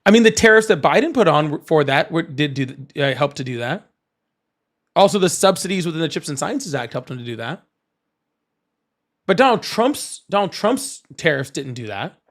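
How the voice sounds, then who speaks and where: A young man hosting a casual political debate, blunt and argumentative, with rough, profane language. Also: fairly high pitch, lively intonation, moderate pace. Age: young adult. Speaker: political show host.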